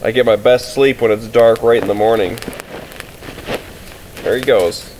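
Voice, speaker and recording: A man's voice: mid-range voice, normal speed, a little hiss or hum, poor audio. Laid-back man chatting at his camp. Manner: relaxed, rambling, laughs often. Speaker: outdoor vlogger. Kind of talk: casual chat at camp. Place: winter campsite outdoors.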